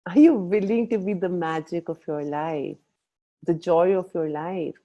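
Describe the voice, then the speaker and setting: A woman's voice: fairly low pitch, unhurried, lo-fi sound. A woman leading a coaching workshop, asking the group questions and mixing in Hindi phrases. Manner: lively, playful, asks the group questions, mixes in Hindi phrases. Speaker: workshop facilitator. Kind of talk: live coaching talk on a video call.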